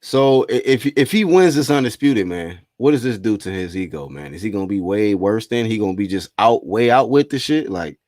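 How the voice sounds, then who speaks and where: A man's voice: lowish voice, animated, a little fast, hardly any pauses, a little mellow, no room sound, clean studio sound. A man interviewing in casual chat, laid-back and slangy, often chuckling as he talks.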